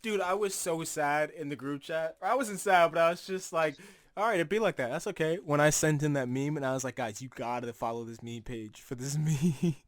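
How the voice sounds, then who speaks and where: A young man co-hosting a casual podcast, telling stories in a lively way, laughing and swearing often. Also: fairly high pitch, a little fast, few pauses. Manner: animated storytelling, swears often, laughs a lot. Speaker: podcast co-host.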